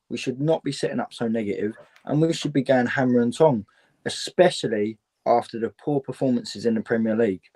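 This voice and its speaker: A man's voice: mid-range voice, a little mellow. A man on a football fan panel, speaking in a frustrated, emphatic way. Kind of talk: casual football fan chat.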